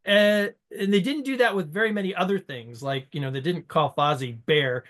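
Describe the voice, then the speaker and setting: A man's voice: high-pitched, moderate pace, fairly bright tone. A man co-hosting a podcast, speaking in casual chat with rambling, reflective remarks and small laughs between phrases. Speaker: podcast co-host.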